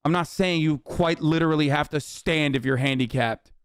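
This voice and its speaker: A man's voice: on the high side, normal speed, clear, resonant tone, no echo, studio quality. Profane ranting streamer man. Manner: profane, exasperated ranting with filler words. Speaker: streamer reacting to news clips. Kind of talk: live-stream reaction rant.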